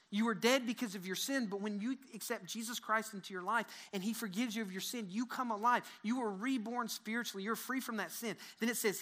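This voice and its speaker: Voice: mid-range voice, bright, forceful tone. A pastor delivering a sermon at a church service, speaking earnestly and directly to the listeners, repeating words and leading them in prayer. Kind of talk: sermon to a live congregation.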